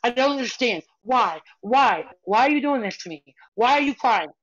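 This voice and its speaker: A woman mimicking an exasperated young mother who scolds her crying child over and over, in a shrill, whiny voice. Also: animated, moderate pace, highs cut off. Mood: exasperated scolding.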